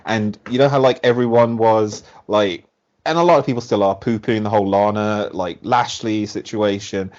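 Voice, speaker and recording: A man guesting on a podcast in casual chat, animated and rambling, with lots of "like". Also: on the low side, normal speed. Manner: animated, rambling, heavy use of "like". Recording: dull lo-fi podcast audio.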